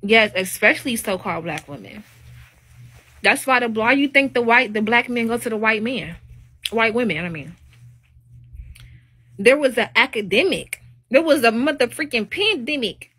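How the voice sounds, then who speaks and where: A woman's voice: fairly high pitch, expressive, moderate pace, pauses often, pushed and bright, slightly rough. A woman hosting a live stream, talking in a casual, opinionated monologue that is emphatic and preachy, with rising exclamations.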